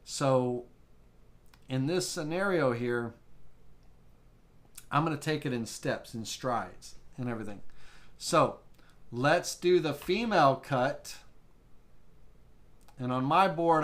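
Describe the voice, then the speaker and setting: A man teaching a live CNC software tutorial, thinking aloud with restarts as he works through settings. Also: mid-range voice, slow, long pauses. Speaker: woodworking CNC instructor.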